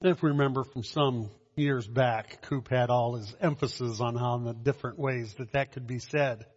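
A man preaching a communion sermon, slow and measured, with dramatic pauses and soft drops in his voice. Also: mid-range voice, steady tone. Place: church hall. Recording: dull sound in a long-echoing hall.

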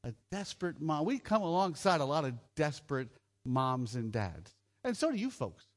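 A man's voice: fairly high pitch, sing-song, normal speed. A middle-aged man giving a conversational sermon, joking and asking his listeners questions as he goes. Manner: conversational, jokey, asks the audience questions. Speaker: preacher at a children's home gathering.

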